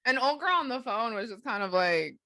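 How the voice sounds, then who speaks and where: A woman's voice: fairly high pitch, fairly quick, no echo. A woman co-hosting a podcast, telling a story in casual chat, laughing often and acting out other people's lines. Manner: animated, laughs often, acts out quotes. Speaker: podcast co-host.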